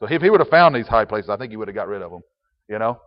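A pastor preaching a conversational sermon with chuckling asides, reading and explaining scripture. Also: male voice, lowish voice, animated, rapid-fire, in a large hall, lo-fi sound.

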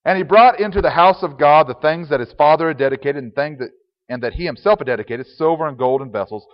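A pastor preaching a conversational sermon with chuckling asides, reading and explaining scripture. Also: male voice, fairly high pitch, in a large hall, muffled recording.

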